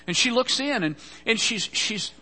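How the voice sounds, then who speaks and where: A man's voice: very high voice, expressive, moderate pace, pushed and bright, long reverb tail. A man preaching a sermon, telling a scripture story earnestly and often repeating words as he goes. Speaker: pastor.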